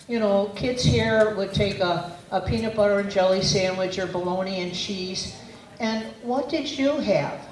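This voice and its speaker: A woman's voice: mid-range voice, darkish tone, slight background noise. A woman with a Midwestern American accent, telling earnest, meandering stories with many fillers in a public speech at a community festival. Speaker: festival speaker. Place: outdoor community festival stage. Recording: echoey, distant PA with faint ambience.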